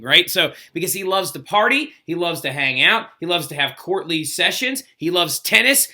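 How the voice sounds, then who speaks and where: Brief: lively male history teacher, chatty lecture delivery, crisp bright tone. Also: fairly high pitch. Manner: energetic, chatty, acts out quotes. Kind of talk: casual video lecture.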